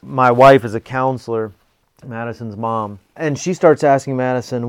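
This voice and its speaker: A man's voice: medium pitch, steady tone, normal speed, clear, resonant tone. A middle-aged man giving a motivational talk, telling personal stories and repeating key phrases earnestly, with the odd chuckle. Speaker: speaker teaching a planning method.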